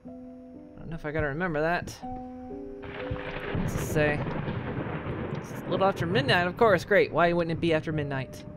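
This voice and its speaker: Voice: mid-range voice, moderate pace, long pauses. A gamer giving curious, muttering let's play commentary, with casual swearing while exploring. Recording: voice over game music.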